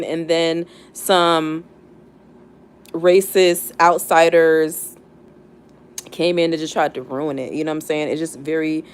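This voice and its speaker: A young woman hosting a casual live stream, chatting and reflecting with many fillers and restarts. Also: low voice. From United States, not the South. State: near tears. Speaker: livestream host.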